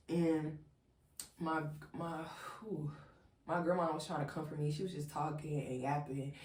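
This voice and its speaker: Young adult woman, low register, casual storyteller addressing her viewers; roomy sound, mic set back. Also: unhurried, darkish tone, recorded from a distance. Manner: chatty storytelling, heavy "like", addresses viewers as y'all. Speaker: vlogger.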